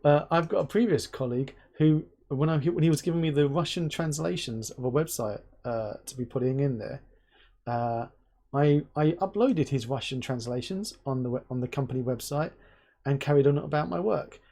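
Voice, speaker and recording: A man's voice: mid-range voice, moderate pace. A man from England hosting a casual live interview, joking and telling stories with lots of laughter. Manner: joking, animated storyteller, laughs often. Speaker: host.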